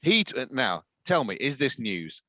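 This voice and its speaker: This co-host's voice is medium-pitched and sing-song, bright and forceful, at normal speed with no echo. He's chatting casually on a podcast in a dry, sardonic way, laughing while he reads out tweets. The sound is dull, muffled, and dry.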